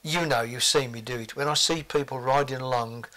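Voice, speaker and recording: A man's voice: medium pitch, steady tone, a little fast, pushed and bright. An older man, reminiscing forthrightly in an interview with blunt asides.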